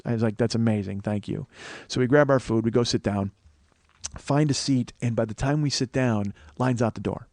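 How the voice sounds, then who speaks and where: A man from Chicago hosts a podcast and spins a comic story, cursing freely and firing up as he goes. His voice sits at an ordinary middle pitch. The sound is close and dry, with no room echo at all. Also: brisk. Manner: profane, animated storytelling with laughs. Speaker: podcast host. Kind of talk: comedic storytelling monologue.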